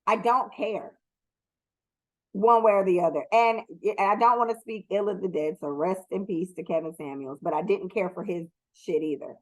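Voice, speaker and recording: A woman's voice: mid-range voice, normal speed, rough recording. A young adult woman hosting her own podcast, talking alone in a blunt, profane, rambling way with lots of ums. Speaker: podcast host. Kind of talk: casual solo commentary.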